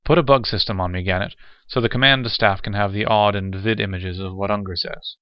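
A man's voice: lowish voice, fairly quick, clear, resonant tone, dry recording, dull audio, natural voice. A man playing an eager young lieutenant. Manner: eager, excited. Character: eager young male lieutenant in his twenties.

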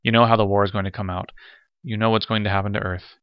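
A man voicing a grave, thoughtful official who explains things in a measured way. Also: lowish voice, little pitch movement, clean tone, no echo, lightly acted. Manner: measured, dull-toned.

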